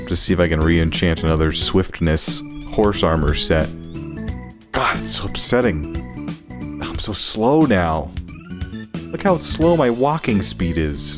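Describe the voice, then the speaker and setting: A man with a notably deep voice narrates his game in a casual, joking way. His pitch swings widely as he reacts, jumping up sharply when things go wrong. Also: a little slow, music in the background. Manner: animated, jokey, yelps at mishaps. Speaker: gaming creator. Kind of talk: casual gameplay commentary.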